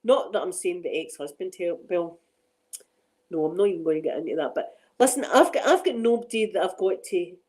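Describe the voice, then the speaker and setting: A woman's voice: on the low side, animated, fairly quick, a little mellow, low-quality recording. A middle-aged Scottish woman hosting a casual chat on her ASMR channel, rambling and laughing often.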